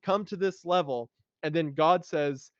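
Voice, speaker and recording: A fervent, emotional man hosts a casual podcast, pitched a bit high and often reading scripture aloud with feeling. The sound is dry and close, yet dull and lo-fi. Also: unhurried, no echo. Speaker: podcast host.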